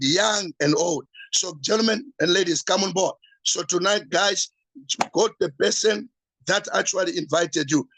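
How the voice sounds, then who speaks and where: A man, a pastor, giving an urgent, repetitive sales pitch at an evening meeting. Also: a bit bright, dry recording, poor audio. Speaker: pastor promoting a business.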